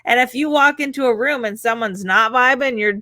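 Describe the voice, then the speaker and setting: A woman's voice: fairly high pitch, a little fast, sharp tone, no room sound. A woman co-hosting a motivational podcast, chatting enthusiastically. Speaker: podcast co-host.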